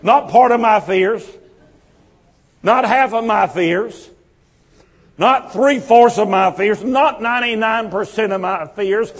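A man's voice: high voice, slow, breathy edge, big-room sound. A male pastor delivering an impassioned sermon with a repetitive preaching cadence.

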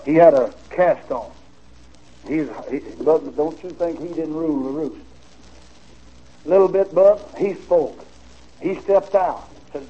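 A man preaching, telling a story in a folksy, animated way on a dull, old recording with faint hiss. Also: a little high, a little slow. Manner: folksy, animated storytelling with laughter and drawled asides. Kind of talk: storytelling sermon.

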